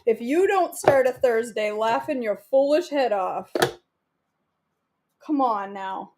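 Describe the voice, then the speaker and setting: Against a noisy background, a woman cooks for her vlog while chatting and joking to herself in a giggly way. She speaks slowly in a slightly high voice with lively intonation.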